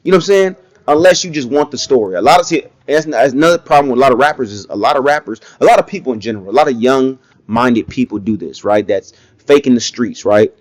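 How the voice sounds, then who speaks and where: A man giving blunt, casual opinion commentary in an animated way, often mocking others with quick impressions. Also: mid-range voice, no echo. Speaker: commentary vlogger.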